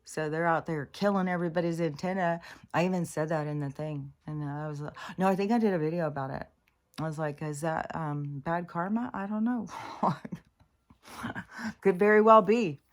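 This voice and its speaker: Woman ranting on her vlog, kinda low voice, rambly and fed up, swears a lot, gets loud when she's mad. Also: normal speed. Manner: rambling, exasperated, swears freely; grows loud and high-pitched when indignant. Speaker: vlogger. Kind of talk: casual spiritual vlog rant.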